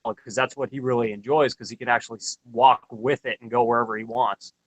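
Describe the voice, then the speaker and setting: A man's voice: medium pitch, fairly even intonation, a little fast, fairly bright tone, no room sound. A man chatting casually as a guest, easygoing and agreeing with short replies. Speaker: guest in an RC hobby hangout. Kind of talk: casual chat.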